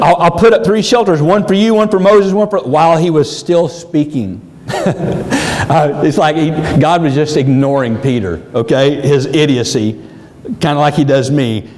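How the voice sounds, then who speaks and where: A man's voice: fairly high pitch, moderate pace. A man preaching a sermon, joking and acting out the voices of the people in his story. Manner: animated, joking, acts out quotes. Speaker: pastor. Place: church sanctuary. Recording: long hall reverb, faint noise.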